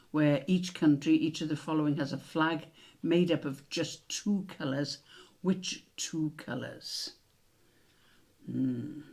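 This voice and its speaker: A man with a British accent hosting a quiz, reading each question slowly and repeating it, with chatty asides in between. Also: on the high side, a little mellow. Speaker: quiz host.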